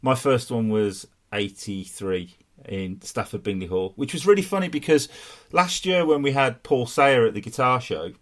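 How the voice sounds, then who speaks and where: A man's voice: medium pitch, expressive, normal speed. A man with a Black Country accent hosting a podcast over a video call, chatting casually and laughing often. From England. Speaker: podcast host. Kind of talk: casual chat.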